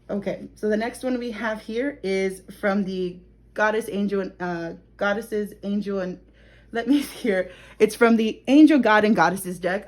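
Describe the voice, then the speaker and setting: A young woman talks through a tarot card reading in a relaxed, chatty way. She laughs often and keeps checking in with her listeners. Her pitch sits in a middle range. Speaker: tarot reader. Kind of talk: casual tarot reading to camera.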